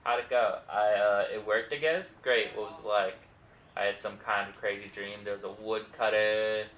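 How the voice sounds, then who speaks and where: Low-voiced guy reading game text on stream, asides, echoey room, faint background noise. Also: fairly even intonation, fairly bright tone. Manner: reads game text aloud, adds quick asides. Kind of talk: game playthrough, reading dialogue aloud. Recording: roomy, distant mic with faint noise.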